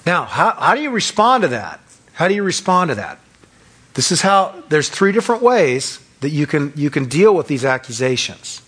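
A man preaching a sermon as pastor, acting out quick voices of the accuser and of self-righteous churchgoers. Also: a little high, slightly rough. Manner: acts out voices of Satan and churchgoers, animated.

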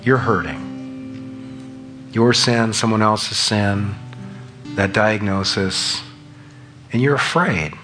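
A man preaching a sermon as pastor, emphatic and rising in pitch and volume on key lines. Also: drawn-out words, pauses often, over music.

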